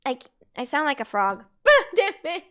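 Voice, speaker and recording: A woman's voice: sits high, huge pitch swings, moderate pace, sharp tone, smooth. A young woman streaming live, chatting casually with her viewers, giggling often and answering chat messages as they come in. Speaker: Twitch streamer.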